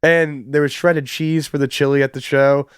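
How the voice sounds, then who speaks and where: A man's voice: medium pitch, flat delivery, moderate pace, clear, resonant tone, dry recording, clean studio sound. A man, a music producer, chatting casually on a podcast, laughing often and filling with "like". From Chicago. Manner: giggly, laughs often, many fillers.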